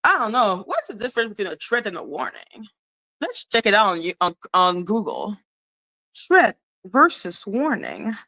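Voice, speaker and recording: Profane, ranting woman with a bright voice. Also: mid-range voice, sing-song, moderate pace, poor audio. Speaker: livestream commentator. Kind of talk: casual livestream rant.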